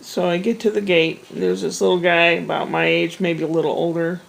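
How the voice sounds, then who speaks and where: A woman with a gravelly, fry-tinged voice talks straight to camera, telling a winding personal story. She wanders into asides and restarts her sentences in a relaxed, conversational way. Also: on the low side, normal speed, poor audio. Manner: rambling, chatty, with frequent restarts and asides. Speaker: vlogger. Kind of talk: casual storytelling monologue.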